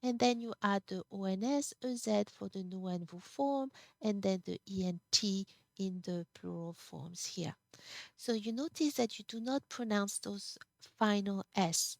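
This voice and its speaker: Slow, patient woman. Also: medium pitch, creaky, no echo, studio quality. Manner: slow, patient explaining with restarts. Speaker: French teacher. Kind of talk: classroom lesson.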